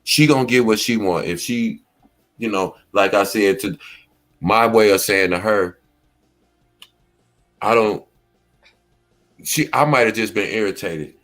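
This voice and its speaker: Middle-aged guy w/ aave, chill commentary chat, kinda low voice, acts out what people said. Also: a little slow, long pauses, a bit bright, soft background music. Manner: laid-back storytelling, acts out quoted lines. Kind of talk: casual commentary talk.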